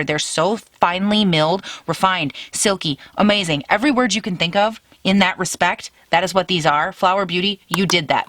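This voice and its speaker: A young woman chatting to camera in a gushing, animated makeup review. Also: on the low side, no echo. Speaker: beauty vlogger.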